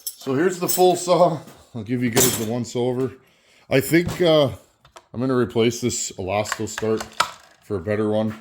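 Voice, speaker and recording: Over a noisy background, a Canadian man who runs a chainsaw channel chats to camera while he works on a saw. His medium-pitched voice is animated at a moderate pace, and his folksy talk often repeats a word.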